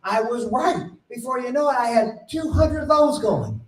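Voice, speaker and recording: A middle-aged man tells a folksy story at a conference and acts out every exchange in quotes. His voice sits high for a man. He sounds a bit far from the mic in a roomy space with faint ambience behind. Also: moderate pace. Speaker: conference speaker. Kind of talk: storytelling keynote talk. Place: conference room.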